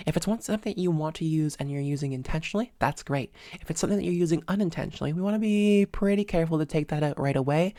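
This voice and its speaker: Calm woman voice coach, dry close sound. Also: sits low, no echo. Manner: calm, measured, peppered with "sort of" and "um"; demonstrates sounds with their own voice. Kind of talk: instructional voice lesson.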